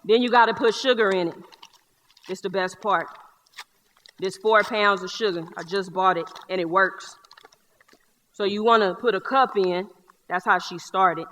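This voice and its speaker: A woman's voice: mid-range voice, moderate pace, pauses often, natural voice. A woman in a one-person stage show playing a boisterous young Black man with a Southern accent, who talks in streetwise slang and tells stories with jokes. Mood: bossy. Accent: Southern US (North Carolina). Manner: streetwise slang, joking, lively storyteller. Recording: live theater hall reverb.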